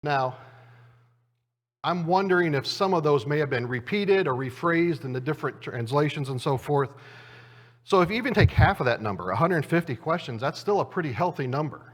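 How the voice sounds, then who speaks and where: A man preaching in a church, telling a self-deprecating story in a relaxed, conversational way. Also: on the high side, moderate pace. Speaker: preacher and Bible teacher. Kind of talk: conversational sermon with a humorous anecdote. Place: church auditorium. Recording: long church reverb.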